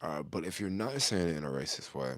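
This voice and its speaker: A man's voice: low voice, very animated, brisk, no room sound. A middle-aged man talking casually to the camera in loose, slangy street talk, chuckling often as he answers a viewer's question.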